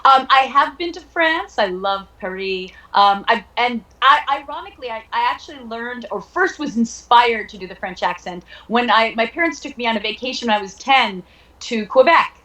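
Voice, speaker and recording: A woman's voice: fairly high pitch, animated, moderate pace, bright, forceful tone, reverberant, low-quality recording. A woman from Long Island, an actress guest chatting playfully in an interview and laughing often. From Long Island, New York. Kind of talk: casual interview chat.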